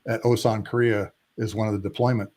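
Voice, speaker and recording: A man in his sixties, a retired Air Force pilot, telling animated war stories as a podcast guest and drawing out emphatic lists. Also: on the low side, fast. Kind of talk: casual storytelling interview.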